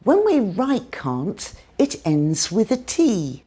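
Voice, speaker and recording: Lively British woman teaching pronunciation. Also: mid-range voice, husky. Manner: slow, careful demonstrations of pronunciation. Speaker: English teacher. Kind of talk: scripted language lesson.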